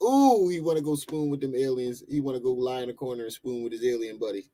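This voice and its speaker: A man's voice: medium pitch, fast, warm tone. A man giving mocking, laughing commentary as he reacts to a video clip.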